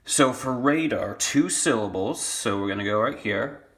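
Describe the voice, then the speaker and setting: A man's voice: mid-range voice, lively intonation, normal speed, fairly bright tone, a little hiss or hum. A young male elementary school teacher giving a phonics lesson, patiently sounding out and repeating words, recorded on a phone in his hand. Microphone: phone held in hand.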